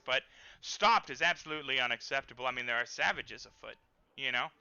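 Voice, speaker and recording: Bright, clear-voiced male game master. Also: mid-range voice, very animated, brisk. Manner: rambling, with many fillers. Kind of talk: narrating a tabletop game.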